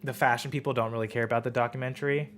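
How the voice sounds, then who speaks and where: A man's voice: mid-range voice, fairly even intonation, very fast, fairly bright tone, a little hiss or hum. A young man hosting a podcast, telling a rambling story in casual chat with lots of fillers. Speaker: podcast host.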